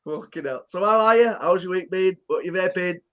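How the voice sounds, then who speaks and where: A man's voice: high voice, brisk, a bit bright. A man co-hosting a casual livestream, bantering, swearing and laughing a lot. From England. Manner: laughs often, teasing. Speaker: co-host of a vaping livestream.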